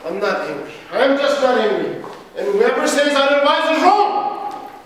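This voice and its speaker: A woman's voice: sits high, big pitch swings, normal speed, a little hiss or hum. A woman playing a sulky, snappish actress. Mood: indignant. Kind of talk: amateur stage play. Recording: echoey hall from far off.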